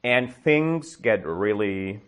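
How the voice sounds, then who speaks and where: A man teaching English, telling a story slowly to a class and checking their understanding with quick questions. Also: lowish voice, expressive, fairly bright tone, clean tone. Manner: slow, exaggerated storytelling with comprehension checks. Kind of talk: storytelling lesson with questions to learners.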